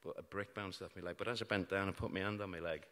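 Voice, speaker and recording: Deep-voiced British man telling a story on stage. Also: fairly even intonation, fast, a bit bright. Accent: British English. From Britain. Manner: wry, self-mocking humour about grim events. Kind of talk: live storytelling talk. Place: large hall before an audience. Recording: live hall with long reverb.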